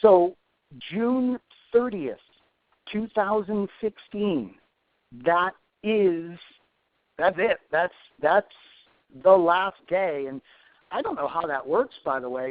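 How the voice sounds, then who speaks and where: A man's voice: sits high, lively intonation, slow, long pauses, no echo. A man in his forties, an instructor answering questions in a live webinar, chatty with self-deprecating asides. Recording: tinny phone-like dry sound.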